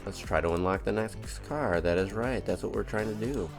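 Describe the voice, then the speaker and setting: Deep-voiced rambling male streamer. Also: normal speed, over music. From United States. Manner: rambling, upbeat, self-mocking. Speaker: game streamer. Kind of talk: casual live-stream chat.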